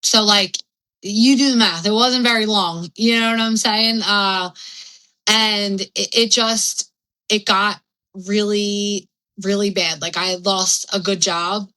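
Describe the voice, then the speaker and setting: Young woman spilling her story on a podcast, bright edgy voice, rambly, swears a lot. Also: mid-range voice, steady tone, takes it slowly, low-quality recording. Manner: rambling and frank, heavy on fillers and swearing. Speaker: podcast guest. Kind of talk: candid personal storytelling.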